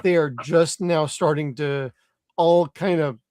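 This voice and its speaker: A man's voice: on the high side, fairly even intonation, takes it slowly, a little mellow, smooth, dry recording. A man hosting a live podcast, chatting loosely and swearing freely. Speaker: podcast host. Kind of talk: casual live podcast chat.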